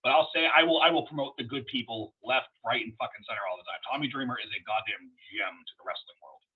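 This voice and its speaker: A man, a wrestler guest on an interview podcast, telling stories in a profane, rambling, animated way. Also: medium pitch, quick pace, husky. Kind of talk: casual storytelling interview. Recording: dull lo-fi podcast audio.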